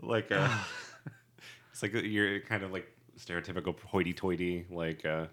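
A man in casual chat as a co-host, agreeing often and getting animated when he jokes. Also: low-pitched, measured pace. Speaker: podcast co-host.

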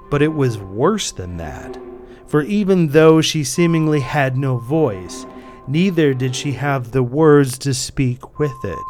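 A man narrates a scripted story in a calm, deliberate manner. His voice sits at a mid pitch, and soft music plays quietly beneath his reading. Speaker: author and narrator.

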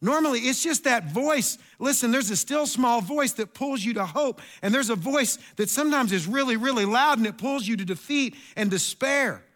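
High, bright-voiced preacher man. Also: normal speed, hardly any pauses. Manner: animated, storytelling with asides and repeats. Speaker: pastor. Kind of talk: sermon.

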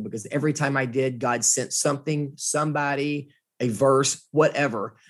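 A man, a guest in a conversation, telling a personal story in an animated, earnest way. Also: medium pitch, husky.

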